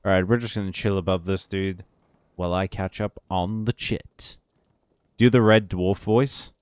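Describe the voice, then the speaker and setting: A man's voice: low voice, fairly even intonation, normal speed, a little mellow, clear, resonant tone, no room sound. A man streaming a game, chatting casually with viewers, joking and swearing as he plays. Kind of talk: casual gameplay commentary.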